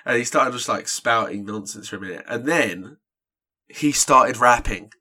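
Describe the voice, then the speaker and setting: A man's voice: mid-range voice, normal speed, bright, forceful tone. A man co-hosting a podcast, telling a rambling story in casual chat full of "like". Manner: rambling storyteller, many "like" fillers. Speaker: podcast co-host.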